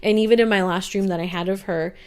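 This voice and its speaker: A woman's voice: mid-range voice, fairly even intonation, fast talker, clean tone. Chatty woman telling a story. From Arizona. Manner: chatty storyteller, fillers "like" throughout, acts out quotes loudly. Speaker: podcast co-host. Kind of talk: casual chat.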